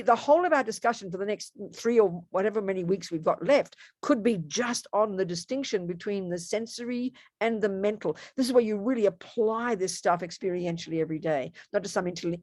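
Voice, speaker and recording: A woman's voice: medium pitch, a little mellow, dry recording. A woman giving a casual Buddhist teaching, chatty and playful, with joking asides and frequent self-corrections. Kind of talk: casual dharma teaching talk. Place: home room.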